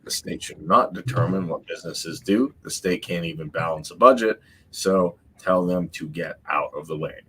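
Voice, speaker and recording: Deep-voiced man ranting on a podcast. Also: moderate pace, sharp tone, slightly rough. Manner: emphatic, repeats points, mocking asides. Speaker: podcast host. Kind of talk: opinionated podcast commentary.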